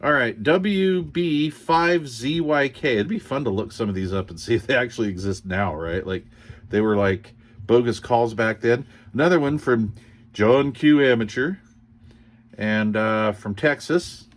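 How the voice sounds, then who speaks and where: A man's voice: medium pitch, measured pace. A man chatting casually as he unboxes radio cards, rambling and joking as he reads call signs aloud. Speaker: CB radio hobbyist vlogger.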